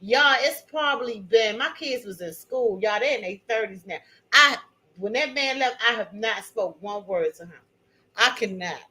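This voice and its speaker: A woman's voice: fairly high pitch, animated, normal speed, sharp tone, rough recording. A middle-aged woman talks straight to her viewers, chatty and emphatic. She keeps calling them y'all and honey while she tells a story from her own life. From Maryland. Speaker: channel host.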